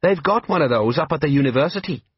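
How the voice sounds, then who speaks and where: A man's voice: fairly high pitch, lively intonation, fast talker, slightly rough, no room sound, lo-fi sound, pitched above the performer's own voice. A man voicing a bumbling, loyal middle-aged sergeant who stammers when flustered.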